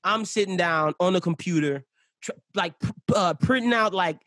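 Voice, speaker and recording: A young man telling animated, profane stories in casual podcast chat, laughing often. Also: sits high, moderate pace, no room sound, clean studio sound. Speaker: podcast guest.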